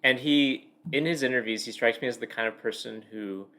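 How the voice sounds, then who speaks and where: A man with a bright, forceful mid-range voice talks briskly while co-hosting a book podcast. In this casual chat, he rambles in long, loose sentences packed with fillers and restarts.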